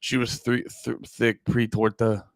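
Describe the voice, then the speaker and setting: A man's voice: medium pitch, flat delivery, unhurried, creaky, no echo, clean studio sound. Rambling, profane American man in his thirties. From United States. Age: 30s. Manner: rambling, profane, lots of fillers. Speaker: livestream host. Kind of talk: casual livestream chat.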